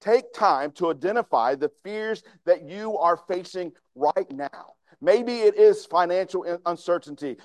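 A man's voice: high voice, no room sound. A male pastor preaching a sermon in a conversational way, putting questions to the congregation.

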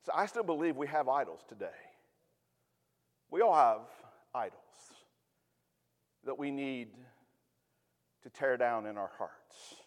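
A man's voice: mid-range voice, animated, a little slow, long pauses, long reverb tail. A man preaching a sermon in a conversational way, with humorous asides. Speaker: pastor.

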